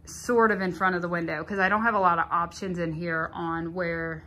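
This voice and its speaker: A woman's voice: fairly low pitch, little pitch movement, a little fast, bright, forceful tone, a little hiss or hum. Chatty Southern woman vlogging at home. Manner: chatty, self-deprecating, plain-spoken. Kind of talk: casual home vlog. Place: living room at home.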